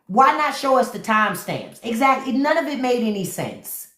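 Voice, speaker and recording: Woman host, unfiltered livestream rant, animated pitch, swears freely, echoey room sound. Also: normal speed. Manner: blunt, profane, talks straight to viewers; repeats key words for emphasis.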